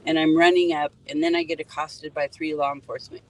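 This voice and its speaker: A woman's voice: deep voice, flat delivery, brisk, poor audio. A middle-aged woman, an EMT and grieving mother, earnestly recounting details and pointing out spots from a parked car by the road. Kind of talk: emotional first-person account at a roadside.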